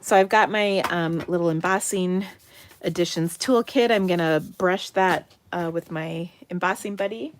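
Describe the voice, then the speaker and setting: A middle-aged woman from Minnesota hosting a live card-making demo, chatty and enthusiastic, dropping into soft muttered asides as she works. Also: lowish voice, moderate pace, a little hiss or hum. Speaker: craft livestream host.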